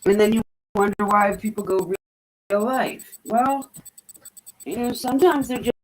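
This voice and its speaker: A woman's voice: medium pitch, measured pace, low-quality recording. A woman chatting casually as a streamer, rambling and swearing freely. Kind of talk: casual chat.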